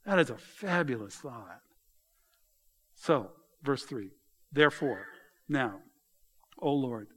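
Middle-aged man preaching, somewhat high voice, animated and mocking in asides. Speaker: pastor. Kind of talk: sermon.

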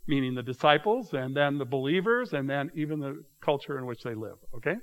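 In a low-quality recording, a male pastor with an expressive mid-range voice preaches briskly. His expository sermon takes a teacherly, conversational approach to a Bible passage, frequently checking in with "okay?".

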